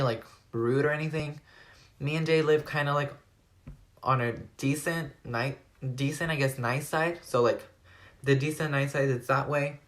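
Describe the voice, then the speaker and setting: Rambling teenage guy telling a story. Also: fairly high pitch. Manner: rambling, animated retelling full of "like". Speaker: vlogger. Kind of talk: storytime retelling.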